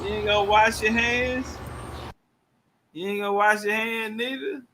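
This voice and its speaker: A man's voice: sits high, fairly even intonation, measured pace, background noise. A man doing loose, profane live commentary, heckling and laughing in heavy slang. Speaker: livestream commentator. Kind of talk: crude casual live commentary.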